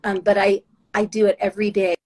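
A woman giving a heartfelt, earnest faith testimony, emotional and halting with restarts. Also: medium pitch, level tone, darkish tone, poor audio. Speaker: guest sharing faith testimony.

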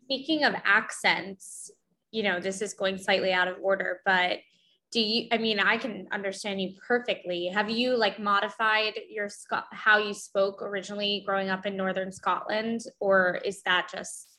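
A woman's voice: medium pitch, fairly even intonation, normal speed, bright, forceful tone, rough recording. A young adult woman interviewing a guest in a casual chat, with many filler words. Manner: casual, uses lots of "like". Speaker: interviewer host.

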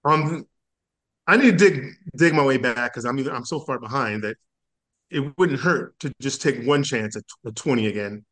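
A man competing in a podcast trivia game, easygoing and quick to laugh. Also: mid-range voice, a bit bright. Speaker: quiz contestant. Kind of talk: casual podcast chat.

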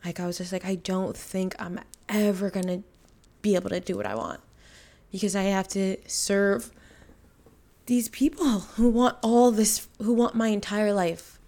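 A young woman in a casual podcast monologue, speaking candidly and emotionally. She rambles, with many fillers and restarts, at a mid-range pitch. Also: moderate pace, warm tone. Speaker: podcast host.

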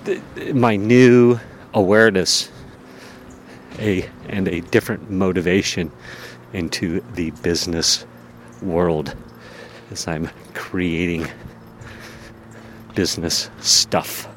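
Out in a town with slight background noise, a podcast host talks about himself in a deep voice with fairly even intonation, taking it slowly and leaving long pauses. It's a casual, rambling personal monologue, heavy on fillers and self-deprecating asides.

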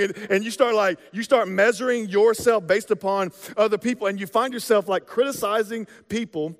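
Male pastor, casual slang-filled sermon, high voice, echoing sanctuary. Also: quick pace, hardly any pauses. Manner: conversational, joking preacher with casual slang. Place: church sanctuary. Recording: long reverb of a large hall.

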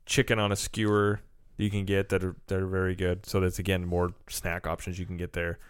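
Casual co-host: low-voiced man, deadpan humor, dry room. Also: brisk, clear, resonant tone, dry recording. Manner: joking, deadpan. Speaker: podcast co-host. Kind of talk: casual chat.

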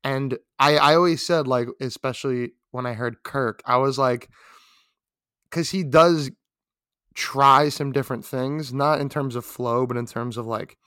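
Man, podcast co-host, casual chat, animated and filler-heavy, mid pitch, dry sound. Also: a little slow, clean tone, dry recording. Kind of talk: casual music review chat.

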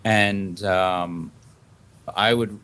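A man's voice: low-pitched, steady tone, drawn-out words, fairly bright tone. A man with an Australian accent, a podcast guest who talks casually and animatedly, acting out little scenes as he makes his point. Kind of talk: casual interview talk.

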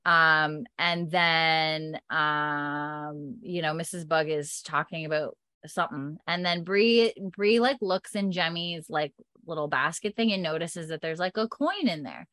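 A woman co-hosting a casual podcast, retelling events with lively shifts into character voices. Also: low voice, no echo, clean studio sound. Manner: animated retelling, acts out characters in quick voices. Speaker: podcast co-host recapping a TV episode. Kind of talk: casual chat.

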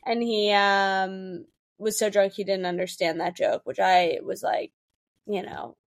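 A woman's voice: medium pitch, flat delivery. A young woman co-hosting a podcast, telling candid stories in casual chat and acting out the people she quotes. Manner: candid, rapid storytelling with quoted voices. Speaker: podcast co-host.

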